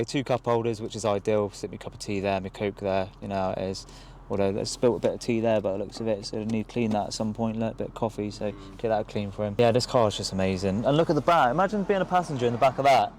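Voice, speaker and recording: A young man with an excitable, rushing manner and casual slang, filming a car review vlog from inside a car. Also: mid-range voice, slight background noise. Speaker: car vlogger. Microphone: camera held by someone else.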